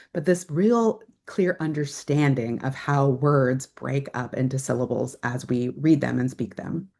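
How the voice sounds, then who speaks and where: A woman's voice: low voice, a little mellow. A woman presenting a teaching webinar over a video call, explaining steadily with filler ums. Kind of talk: webinar lecture.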